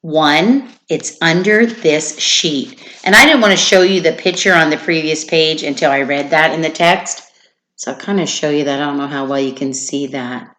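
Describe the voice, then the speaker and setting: A woman's voice: sits low, a little fast, a bit bright. A woman teacher reading a children's chapter book aloud, stopping to explain reading skills to young listeners. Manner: explanatory, prompts listeners to infer.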